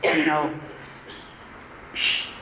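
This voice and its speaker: A woman's voice: drawn-out words, pushed and bright. A woman in the middle of a heartfelt recovery talk, earnest and reflective as she speaks from the podium. She circles back and repeats her phrases, sometimes stopping to restart a sentence. The live recording sounds roomy, with a faint hiss of noise underneath. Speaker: closing speaker at a recovery convention. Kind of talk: personal recovery share, spoken from the podium.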